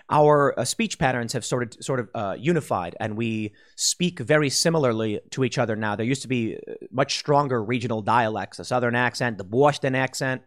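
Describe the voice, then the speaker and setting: A man talks through a political commentary monologue. His pitch sits in the middle of the male range. He rambles and restarts often, with plenty of fillers. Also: a bit bright. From Chicago. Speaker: commentary host.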